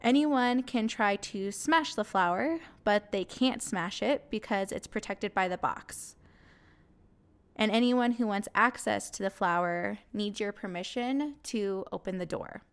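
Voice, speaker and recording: A young woman talks openly to her listeners in a personal podcast monologue. She comes across as earnest and candid, with short laughs slipping in. Her pitch sits in a middle range. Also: smooth. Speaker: podcast host.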